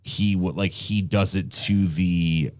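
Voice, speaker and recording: A man co-hosting a podcast in casual chat, eager and quick in bursts, swearing casually. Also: low voice, steady tone, darkish tone. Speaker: podcast co-host.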